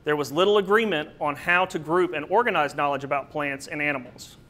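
Bright-voiced man giving a botany talk. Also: a little high, fairly quick. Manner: explanatory, with occasional fillers and asides. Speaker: presenter. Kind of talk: slide-based botany lecture.

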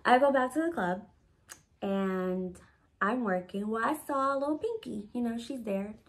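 A woman telling a personal story to her viewers in a casual, animated way, swearing freely and filling her talk with "like". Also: a little high, unhurried. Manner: animated, profane, heavy use of "like". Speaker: storytime vlogger.

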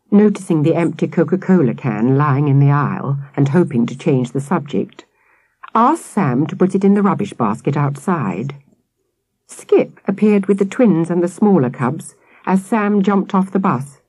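A woman narrating a children's audiobook with expressive, lively storytelling. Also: deep voice, unhurried, breathy edge, dry recording.

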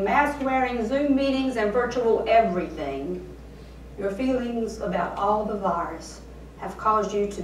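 A woman pastor preaching a sermon in a slow, deliberate way, posing rhetorical questions. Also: mid-range voice, a little hiss or hum. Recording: roomy sound, voice from far off.

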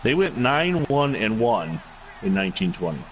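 A man's voice: fairly low pitch, big pitch swings, normal speed, lo-fi sound. A man streaming a football video game on a headset, chatting casually and cracking wry jokes. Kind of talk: casual gaming chat.

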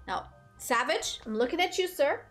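A woman's voice: sits high, moderate pace, soft background music. A woman streaming a game, chatting casually with her viewers and reading game lines aloud. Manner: animated, talks to chat and reads game lines aloud. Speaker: gaming streamer. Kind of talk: casual gameplay commentary.

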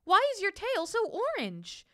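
A woman's voice: extremely high pitch, sing-song, moderate pace, voice pushed up. Woman doing a chirpy little red bird. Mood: astonished. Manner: chirpy, wondering questions.

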